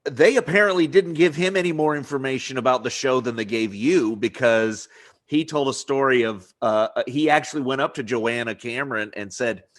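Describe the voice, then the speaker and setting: A man's voice: medium pitch, normal speed. A man hosting a podcast interview in casual chat, rambling with lots of restarts and frequent laughter. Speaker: podcast host.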